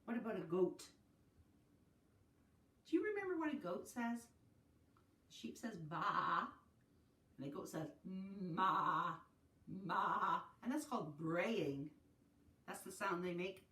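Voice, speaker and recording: A woman from Canada leading a virtual family literacy circle, singing rhymes and talking gently and encouragingly to young children. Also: medium pitch, very animated, moderate pace, pauses often. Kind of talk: virtual circle-time lesson with songs and rhymes. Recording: distant mic in an echoey room.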